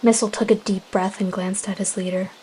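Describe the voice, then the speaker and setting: A woman softly narrating a casual animal roleplay story and chatting to viewers. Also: medium pitch, level tone, brisk, a little hiss or hum. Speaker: storyteller and video creator.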